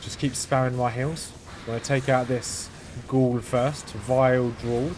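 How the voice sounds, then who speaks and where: A man hosting a let's-play, talking through his game in a flat, understated way as he thinks aloud. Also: mid-range voice, unhurried, slight background noise. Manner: monotone, understated delivery; thinking aloud while playing. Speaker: gaming channel host.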